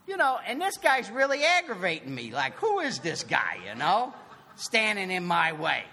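Man, recovery meeting speaker, bright tone, slow and deliberate, long hall reverb. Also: high-pitched. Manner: animated storytelling, acting out both sides of dialogue; emphatic, swings from loud to soft. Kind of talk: personal recovery testimony.

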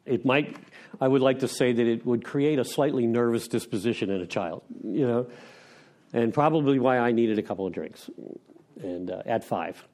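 A man's voice: lowish voice, darkish tone. A middle-aged man from Pennsylvania giving a candid personal share at a recovery meeting, frank and wry, rambling with restarts and self-deprecating laughs.

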